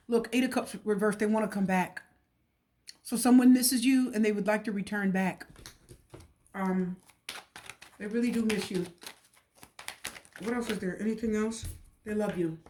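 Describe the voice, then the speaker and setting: A woman's voice: medium pitch, fairly even intonation, normal speed, long pauses, darkish tone. A woman giving a casual, repetitive and emotional tarot reading. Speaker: tarot reader.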